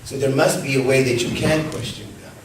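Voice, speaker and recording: A man preaching a sermon as pastor, telling stories and asking the congregation rhetorical questions, swinging between loud, high calls and soft, low asides. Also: steady tone, fairly quick, a little hiss or hum. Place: church sanctuary. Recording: echoey church from a distant mic.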